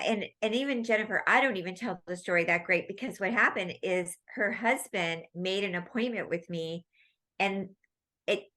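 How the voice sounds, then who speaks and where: Bright-voiced woman telling stories. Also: medium pitch. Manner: animated, rambling storytelling. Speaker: guest, medical intuitive medium. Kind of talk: casual storytelling interview.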